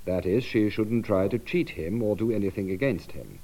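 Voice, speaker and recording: A man giving measured, explanatory narration for language learners. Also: fairly low pitch, expressive, mellow. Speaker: narrator and presenter.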